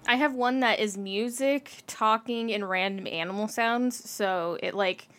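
A woman's voice: mid-range voice, a little slow, fairly bright tone. A woman co-hosts a podcast in casual chat, blunt and teasing. Her voice sits in a mid range. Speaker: podcast co-host.

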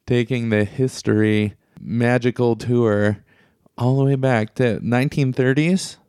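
A man's voice: medium pitch, fairly even intonation, a little slow, a little mellow, smooth, no room sound, clean studio sound. Curious, jokey man co-hosting. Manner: curious, jokey, laughs often, asks clarifying questions. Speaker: podcast co-host. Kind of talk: casual chat.

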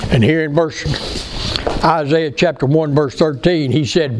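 A man's voice: fairly high pitch, lively intonation, measured pace, long pauses. A man preaching a sermon in a folksy, earnest way, asking his congregation questions. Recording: faint background noise.

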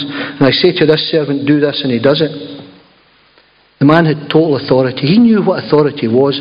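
A man preaching a sermon in a conversational, emphatic storytelling manner with asides. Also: fairly high pitch. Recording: slightly dull lo-fi recording.

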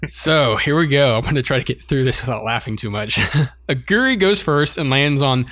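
A man's voice: medium pitch, lively intonation, normal speed, a bit bright, no echo, studio quality. A man co-hosting a casual chat, animatedly recapping an anime episode and laughing often as he reads out scenes. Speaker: podcast co-host.

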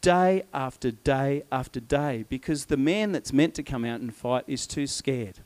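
A man preaching a sermon, retelling a story in a lively way and acting out the voices of its people. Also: mid-range voice, unhurried.

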